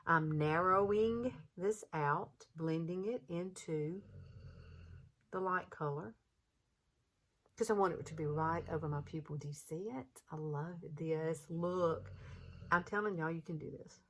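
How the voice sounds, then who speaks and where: Southern woman, 50s, lowish voice, chatty and reassuring makeup-tutorial host. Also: unhurried, a bit bright. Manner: chatty and encouraging, folksy.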